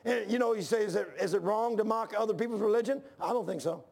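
A man preaching a fervent sermon, reading scripture aloud and rising to near shouts when worked up. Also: high voice, fast talker, creaky. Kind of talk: fiery sermon.

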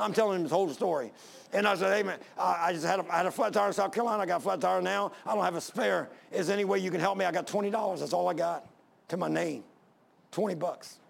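A man's voice: high-pitched, gravelly. A man preaching a sermon and telling a personal story, fervent and rising to emphatic pleas.

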